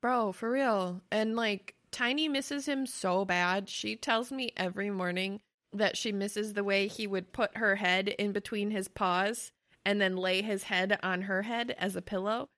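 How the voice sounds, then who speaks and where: A woman's voice: mid-range voice, fairly even intonation, a little slow, a bit bright. A young woman co-hosting a casual podcast chat, swearing freely and laughing often as she talks. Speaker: podcast co-host.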